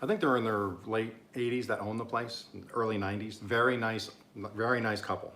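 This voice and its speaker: A man's voice: fairly low pitch, steady tone, brisk, fairly bright tone, slight background noise. A man from Oklahoma chatting his way through a casual cooking vlog, rambling and amused at himself. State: talking with mouth full at times. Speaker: cooking vlogger.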